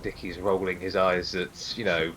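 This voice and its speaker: A man's voice: low-pitched, level tone, normal speed, a bit bright, slight background noise, poor audio. Man teasing at the game table. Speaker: player. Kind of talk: casual game chat.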